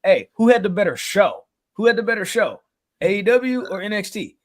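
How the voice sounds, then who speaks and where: A man's voice: high-pitched, sing-song, normal speed. A man co-hosting a podcast in loose, profane, joking banter. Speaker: podcast co-host. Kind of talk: casual chat.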